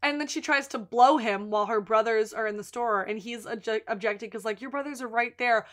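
A woman co-hosting a podcast, recapping episodes in casual chat and acting out the characters' lines with animated storytelling. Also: fairly high pitch, brisk, few pauses. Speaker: podcast co-host recapping a TV series.

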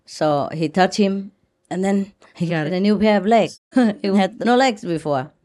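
A woman telling a joke in casual chat, chatty and quick to laugh along with others. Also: medium pitch, darkish tone.

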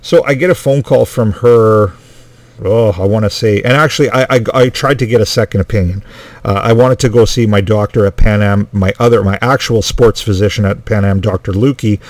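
A man's voice: lowish voice, a little fast, no room sound. A man telling a personal story in a rambling way, full of restarts and asides. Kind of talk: casual storytelling monologue.

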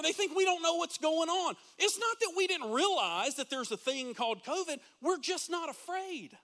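A man's voice: extremely high pitch, sing-song, normal speed, hardly any pauses, pushed and bright. A middle-aged male pastor preaching a sermon in a church, full of rhetorical questions to the congregation. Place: church sanctuary.

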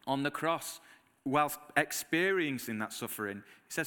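Man preaching, Northern English accent, bright fairly high voice, long church reverb. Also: measured pace, clean tone. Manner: animated storytelling, acts out his own reactions. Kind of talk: sermon with personal stories. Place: church hall.

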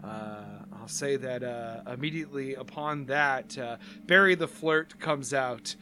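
A man narrating a tabletop game as game master, halting with many fillers. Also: mid-range voice, sharp tone.

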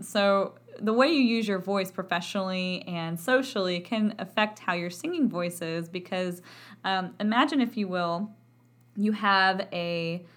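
A woman with a Texan accent, a voice professor giving a chatty, self-deprecating podcast lesson and laughing often. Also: mid-range voice. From Texas. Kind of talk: educational podcast talk.

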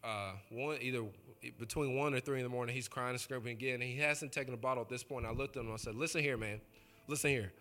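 A man's voice: medium pitch, steady tone, fast, bright, forceful tone. A male pastor preaching in a loose, joking storytelling way, talking straight to the congregation. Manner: chatty, joking, addresses the congregation directly. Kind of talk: conversational sermon storytelling.

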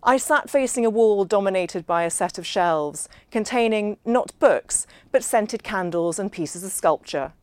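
A woman narrating a novel in the first person, measured and understated. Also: mid-range voice, expressive, darkish tone, clear, resonant tone, no room sound. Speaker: audiobook narrator.

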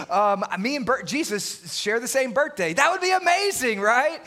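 Upbeat male pastor, higher register, bright and engaging, jokes with the congregation. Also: moderate pace, hardly any pauses. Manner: lively, animated, playful asides to the congregation. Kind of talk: sermon. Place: church sanctuary with congregation. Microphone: wireless body mic.

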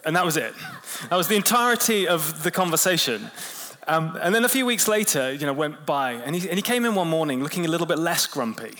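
A man preaching a sermon in a relaxed, conversational way, telling stories and quickening and slowing his pace. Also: fairly high pitch. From England. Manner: conversational preaching with storytelling, lively shifts in pace. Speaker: pastor.

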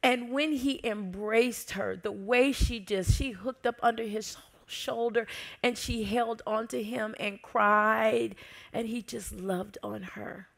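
A woman pastor preaching a sermon, telling a story with lively expression and dropping to soft whispers at tender moments. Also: a little high, takes it slowly, vocal fry.

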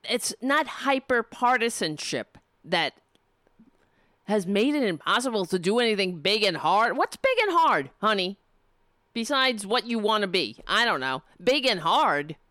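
A woman's voice: a little high, pushed and bright, no echo, clean studio sound. A young adult woman hosting a political show from home, reading an op-ed aloud and breaking in with sarcastic, profane commentary while losing her voice. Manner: sarcastic, profane, interrupts herself.

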